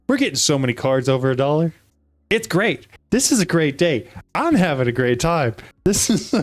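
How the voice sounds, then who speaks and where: A man hosting a casual card-opening video, chatting excitedly to viewers and reading card text aloud. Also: a little high, no echo.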